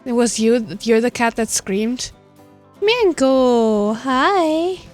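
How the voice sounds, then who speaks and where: A woman streams from her home desk, her voice high and playful. She drifts into giggly baby talk with her cat between lines. Faint music plays underneath. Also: fairly even intonation, measured pace, darkish tone. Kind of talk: casual live-stream chat.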